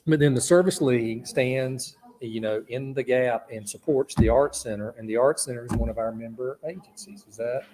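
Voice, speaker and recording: A man's voice: medium pitch, moderate pace, hardly any pauses, a little mellow. A man with a Southern Georgia accent, hosting a live radio charity auction with folksy, joking banter.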